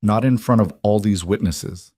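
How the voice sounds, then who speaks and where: A man voicing a quiet, controlled mountain cowboy, with a low voice in a dry recording. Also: normal speed, breathy edge, dry recording. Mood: calm. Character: calm stern male mountain cowboy.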